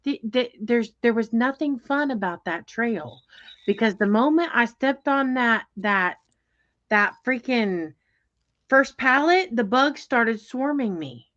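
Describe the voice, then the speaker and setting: Animated woman telling a story, lo-fi. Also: on the high side, takes it slowly. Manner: animated, exasperated storyteller with fillers and restarts. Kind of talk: casual storytelling chat. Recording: dull lo-fi sound.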